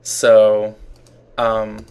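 A man co-hosting a casual talk show, chatty and quick to laugh. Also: on the low side, monotone, creaky, darkish tone, clean tone. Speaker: podcast co-host. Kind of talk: casual chat.

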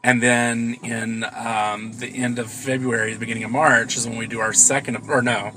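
A man's voice: mid-range voice, flat delivery, normal speed, noisy background. A man co-hosting a podcast in casual chat, joking and blunt, swearing freely, from inside a car. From US South. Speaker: podcast co-host.

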